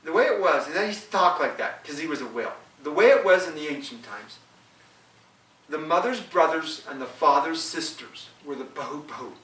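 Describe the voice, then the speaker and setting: A male storyteller recounts a traditional legend aloud, repeating phrases and pausing to explain old customs. His voice is on the high side, animated, fairly quick and fairly bright, recorded roomy and from a distance.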